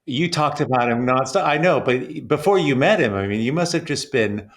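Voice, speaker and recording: Lively-voiced male podcast host. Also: medium pitch, moderate pace. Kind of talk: casual chat.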